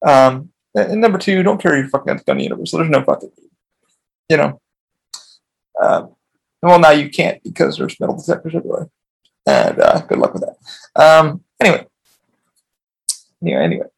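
A man with a gravelly, slightly husky voice pitched a little high, rambling through a story on his podcast. He swears freely and restarts his sentences often, in a loose, casual storytelling way. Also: sing-song, normal speed, pauses often. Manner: profane, rambling, frequent restarts. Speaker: podcast host.

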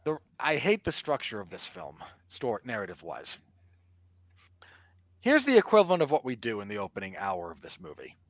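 Animated, bluntly critical man, dull lo-fi sound. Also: on the low side, moderate pace, no room sound. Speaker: podcast co-host film reviewer. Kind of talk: casual film review chat.

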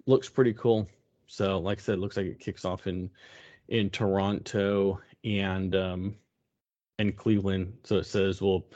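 A man's voice: deep voice, a little mellow. A man co-hosting a casual podcast chat, rambling with many fillers and restarts. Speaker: podcast co-host. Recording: dull lo-fi sound.

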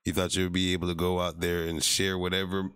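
A man's voice: low voice, little pitch movement, quick pace, fairly bright tone, clear, resonant tone, no room sound, clean studio sound. A man co-hosting a casual podcast, delivering a mock-scolding rhetorical rant to his friends. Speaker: podcast co-host.

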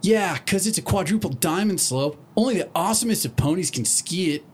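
A man's voice: high voice, animated, fairly quick, slight background noise, voice pushed up. A man voicing a brash, boastful female pony athlete in a storybook reading. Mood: cocky. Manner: cocky, boastful.

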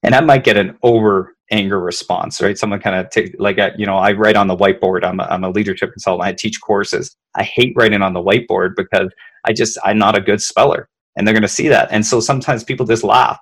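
A man's voice: fairly low pitch, fairly even intonation, fast talker. A man, a leadership consultant, explaining emotions conversationally, often repeating words and checking in with "right?".

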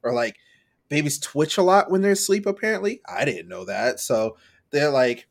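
A man's voice: fairly high pitch, animated, normal speed, vocal fry. A young man chatting casually on a podcast, rambling with lots of fillers and acting out his own reactions. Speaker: podcast co-host.

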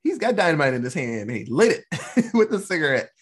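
A man hosting a casual podcast and recapping a movie in an animated, swearing, laughing storytelling style. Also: on the high side, brisk, breathy edge. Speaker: podcast host.

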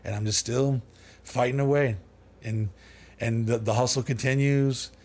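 A man's voice: mid-range voice, steady tone, measured pace, darkish tone. A man as a podcast guest, telling long rambling stories with lots of swearing, fillers and restarts. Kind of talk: casual storytelling.

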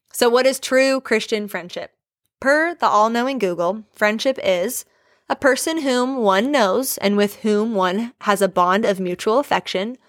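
A woman's voice: on the high side, a bit bright, no room sound. Earnest woman teaching in a dry close voice. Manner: earnest, conversational, with rhetorical questions. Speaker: Bible study teacher. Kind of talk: prayer and Bible teaching.

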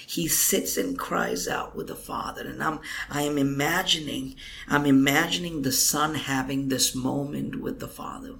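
A man's voice: fairly high pitch, steady tone, moderate pace, creaky, fairly bright tone. A man, a guest minister, telling an emotional testimony in a podcast interview, earnest and at times dropping to a whisper. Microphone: computer microphone.

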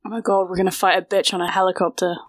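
A woman playing a tabletop game, cracking quick wry jokes in casual talk. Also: fairly low pitch, flat delivery.

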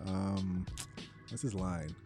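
A man's voice: deep voice, steady tone, slow pace, warm tone, soft background music. A male podcast guest in casual sports chat, wry and joking.

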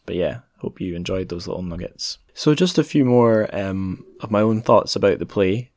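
A British man talks through his podcast alone, unhurried and meandering, stopping often on an um or a restart. His voice sits low and deep. The sound is dry and close, with no room around it. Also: a little mellow, dry recording. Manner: thoughtful, meandering, many ums and restarts. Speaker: podcast host. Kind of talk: casual solo podcast monologue.

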